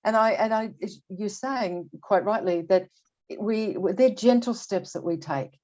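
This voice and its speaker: A woman's voice: mid-range voice, unhurried, darkish tone. An older woman talking candidly as a podcast guest, often restarting and repeating words as she thinks aloud. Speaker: guest expert. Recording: dull lo-fi audio.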